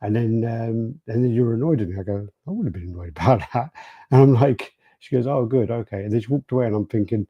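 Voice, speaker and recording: A man's voice: medium pitch, fast, husky, no room sound, dull audio. A British man co-hosting a podcast, casually telling stories and reading out live chat messages. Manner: rambling storyteller, acts out quotes. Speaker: podcast co-host.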